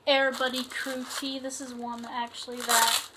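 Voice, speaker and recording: A young woman vlogging a casual unboxing of a clothing haul, excitable and chatty, full of fillers and gushing exclamations. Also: sits high, measured pace, very noisy.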